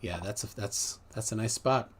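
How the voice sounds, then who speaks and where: A man's voice: lowish voice, normal speed, slight background noise. A man hosting a livestream, chatting casually and reading viewer comments aloud in a loose, rambling way. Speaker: host.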